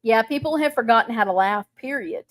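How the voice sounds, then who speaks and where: A middle-aged woman with a Texan twang chats with viewers in a relaxed live stream, laughing easily and greeting people by name. Her voice sits a little high. The sound is dry and close, with no room around it. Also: brisk, dry recording. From Texas. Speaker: livestream host. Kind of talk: casual live chat.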